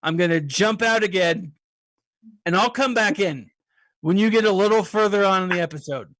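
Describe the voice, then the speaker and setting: A man's voice: high voice, normal speed, a bit bright, no echo. A man guest on a casual group chat, talkative and apologetic about talking too much. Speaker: guest panelist.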